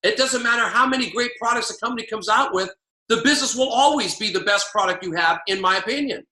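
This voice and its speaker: High, bright-voiced motivational coach, preachy. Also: male voice, fast talker, roomy sound. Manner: emphatic, preachy, repeats key lines. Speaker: network marketing coach.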